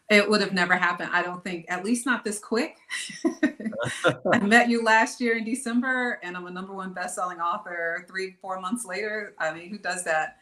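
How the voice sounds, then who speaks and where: A woman's voice: fairly low pitch, pushed and bright. Bubbly woman in an echoey room. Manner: bubbly and grateful, quick to laugh. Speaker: guest author. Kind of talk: casual chat on a video call.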